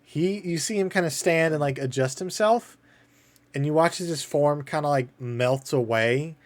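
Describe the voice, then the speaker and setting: A man runs a tabletop game as game master, describing scenes casually with lots of loose fillers. His voice sits slightly high. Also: moderate pace.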